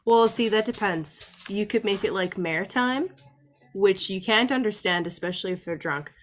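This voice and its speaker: A woman's voice: mid-range voice, moderate pace. A woman from Canada, chatting playfully and giggling on a podcast. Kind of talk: casual chat.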